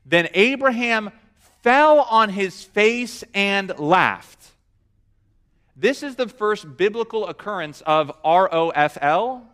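Animated high-voiced male preacher. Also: slow pace, clear, resonant tone. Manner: animated storyteller, acts out quotes. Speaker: pastor. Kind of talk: sermon.

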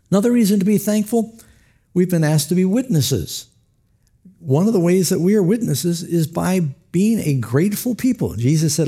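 A man's voice: fairly high pitch, mellow, slightly rough. A man preaching a sermon, telling stories with acted quotes and chuckles. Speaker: pastor.

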